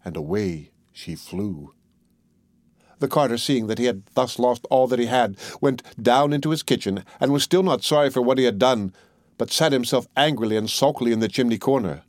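A man reading a fairy tale aloud as an audiobook narrator, in a measured, even manner. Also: medium pitch, dry recording. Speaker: audiobook reader. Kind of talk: storybook narration.

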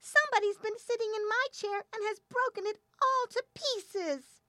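A tiny bear cub with a very high, piping, squeaky voice. It rises sharply and sounds loud and upset-tinged throughout, recorded dry and close. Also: female voice, moderate pace, no room sound.

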